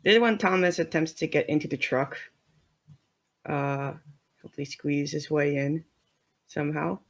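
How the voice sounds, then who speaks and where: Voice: mid-range voice, normal speed. Giggly, hesitant tabletop player. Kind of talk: casual tabletop play.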